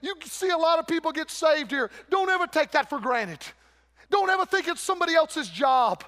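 A man's voice: extremely high pitch, animated, fairly quick, bright, forceful tone. An older man preaching a fervent, folksy revival sermon, calling out to his congregation in a church. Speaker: guest preacher. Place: church sanctuary. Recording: long church hall reverb.

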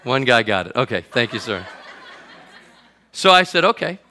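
Bright-voiced man preaching a sermon. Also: mid-range voice, normal speed, slight background noise. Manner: lively storyteller, builds to shouting at the climaxes. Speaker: pastor. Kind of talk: sermon with a comic story. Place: church auditorium before a congregation.

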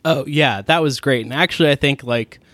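A man's voice: mid-range voice, fairly quick, a bit bright, no room sound. A man co-hosting a podcast, chatting casually with wry asides. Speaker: podcast co-host. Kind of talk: casual critical chat.

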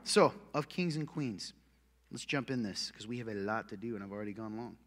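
A man preaching a sermon as pastor, punchy and joking, swinging from loud calls to muttered asides. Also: fairly low pitch, brisk, slight background noise. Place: church hall with long reverb. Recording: echoey church hall.

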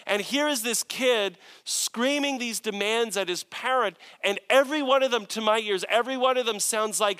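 A man's voice: sits high, expressive, measured pace, pushed and bright, no room sound. A male pastor preaching a sermon in an earnest, conversational way, often searching for words and restarting.

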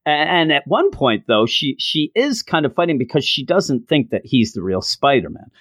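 A man's voice: on the high side, big pitch swings, moderate pace, fairly bright tone, no echo, clean studio sound. A middle-aged man casually reviewing a comic book, enthusiastic and rambling with frequent restarts.

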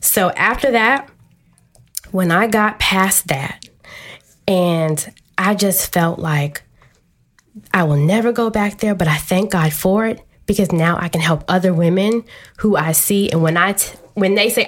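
A woman guest on a talk show, candidly telling a personal story in a quick, open way. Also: on the low side.

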